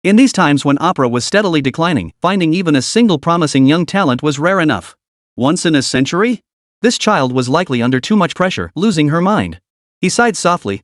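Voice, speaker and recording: A man narrating a web novel in an expressive storytelling style. His voice sits a little high and swings widely in pitch. The recording is dry and close. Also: dry recording.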